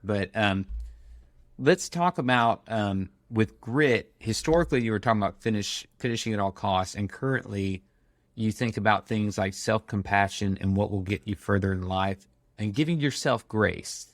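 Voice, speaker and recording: A man's voice: on the low side, moderate pace, dry recording, studio quality. A man hosting an interview, asking questions in a conversational way with some hesitation. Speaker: podcast host.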